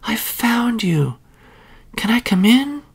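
A man's voice: fairly high pitch, very animated, a little slow, gravelly, darkish tone, slightly rough, voice pushed up, full character voice. A man putting on a small, whispery lost girl. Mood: whispering, hopeful. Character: small lost motherless girl, timid and hopeful. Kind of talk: storybook read-aloud.

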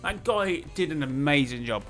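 A man giving casual, excitable commentary while he plays a management game, talking to himself and laughing often. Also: fairly high pitch, moderate pace, faint music behind. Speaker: gaming YouTuber.

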